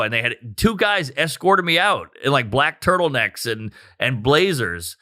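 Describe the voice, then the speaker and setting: A man, a stand-up comedian, telling a profane, animated story in casual chat. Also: mid-range voice, normal speed.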